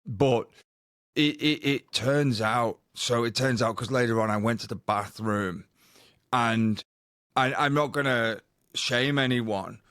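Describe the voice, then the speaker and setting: A man's voice: mid-range voice, slow, fairly bright tone, no room sound. Man telling a rambling story, dry sound. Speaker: podcast co-host. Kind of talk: casual podcast chat.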